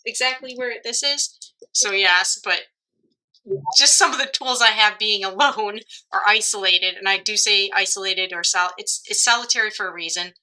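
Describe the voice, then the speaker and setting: A woman hosts a casual podcast conversation in a mid-pitched, very bright voice. She muses thoughtfully and breaks into small laughs mid-sentence. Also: rough recording. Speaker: podcast host.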